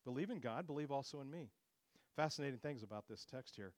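A man delivers a sermon in an earnest, teaching manner, his voice lifting as he quotes scripture. His pitch sits in the ordinary middle range for a man. The sound is dry and close, with almost no room around it. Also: expressive, quick pace, no echo. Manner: earnest expository preaching, rising on quoted scripture. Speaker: preacher.

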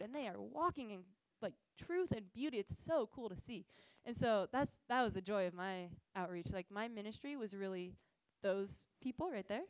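A woman's voice: a little high, normal speed, hardly any pauses, no room sound, rough recording. Earnest young woman giving a faith talk. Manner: earnest, animated storytelling with frequent fillers. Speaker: missions speaker. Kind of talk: casual faith talk with slides.

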